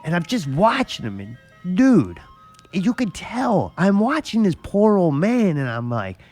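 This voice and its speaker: A man's voice: high-pitched, very animated, a little slow, a little mellow, soft background music. Rambling, profane talk-show man. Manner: rambling storyteller, swears a lot. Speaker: podcast host. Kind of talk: casual profane chat.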